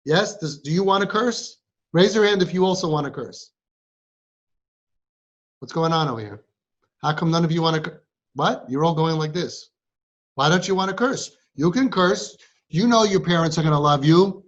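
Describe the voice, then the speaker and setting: A man's voice: on the high side, normal speed, pauses often. A man giving a motivational talk to a group of girls, quizzing them with rhetorical questions and emphatic repeats. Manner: emphatic repetition, teasing. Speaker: speaker addressing a group of girls. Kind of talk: motivational talk to a live audience. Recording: dull lo-fi recording.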